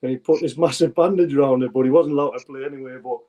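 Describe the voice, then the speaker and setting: A man's voice: mid-range voice, steady tone, racing, dark tone, dull audio. A man in his forties with a North East English accent, a former footballer telling rambling stories as an interview guest. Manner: rambling anecdotal storyteller, many restarts. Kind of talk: casual interview chat.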